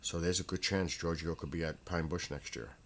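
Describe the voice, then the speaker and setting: A man hosting his own livestream from a room at home, telling casual, rambling stories in an excitable way, with restarts and laughs. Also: sits low, a little fast. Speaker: livestream host.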